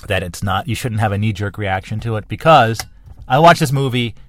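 A man's voice: fairly low pitch, expressive, a little fast, fairly bright tone, no echo. A middle-aged man from New Jersey hosting a podcast, talking on his own in a rambling, enthusiastic way with many restarts. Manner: rambling, enthusiastic, self-correcting. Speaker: podcast host. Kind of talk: casual solo monologue.

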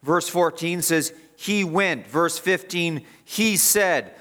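A man's voice: on the high side, slow pace, fairly bright tone. A man preaching an expository sermon as pastor, emphatic and repeating phrases for stress.

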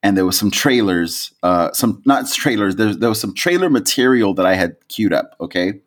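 A male podcast co-host tells a story in loose, unscripted chat. He is animated and swears freely. His voice jumps into high, laughing peaks as he gets into it. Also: normal speed.

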